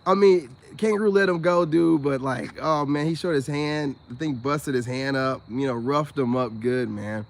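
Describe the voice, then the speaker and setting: A man's voice: a little high, moderate pace, hardly any pauses. An American man giving rambling casual commentary to his viewers, laughing often and talking loosely in slang. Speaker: spiritual self-help vlogger.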